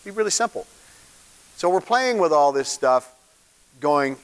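A man's voice: a little high, normal speed, smooth. A man, a pastor, giving an informal, conversational sermon and asking the congregation questions. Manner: informal, animated, asks the room questions. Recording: long hall reverb.

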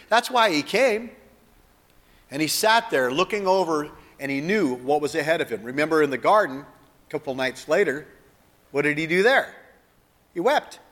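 A male preacher gives a sermon and hammers his points home with drama and direct questions. His voice sits fairly high for a man. Long reverb trails after every phrase, as in a large hall. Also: a bit bright. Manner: emphatic and dramatic, asks the crowd questions.

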